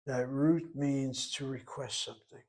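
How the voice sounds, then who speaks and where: A man teaching Hebrew in a relaxed lecture, explaining terms patiently and asking rhetorical questions along the way. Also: medium pitch, measured pace.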